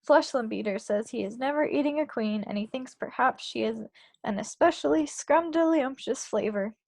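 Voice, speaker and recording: A kindly, sorrowful giant, read out by a woman in a children's book, mangling his grammar and tossing in invented words. His voice sits a little high and catches on a gravelly edge. It sounds close and dry. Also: normal speed, no echo. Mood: matter-of-fact. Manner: ungrammatical speech full of made-up words. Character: big gentle male giant, sad and kindly. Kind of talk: reading a children's book aloud.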